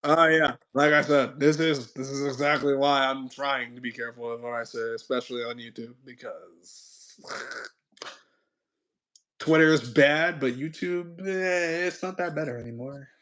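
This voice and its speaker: A man's voice: mid-range voice, fairly even intonation, normal speed, a bit bright. Rambling man hosting a stream. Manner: rambling, hedging, unsure. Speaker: streamer host. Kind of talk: casual chat.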